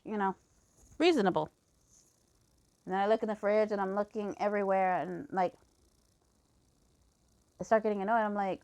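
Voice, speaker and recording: A woman's voice: mid-range voice, brisk, pauses often, muffled recording. A young woman telling a personal story in a heated, profane rant. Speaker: fan reader. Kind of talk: casual ranting storytelling.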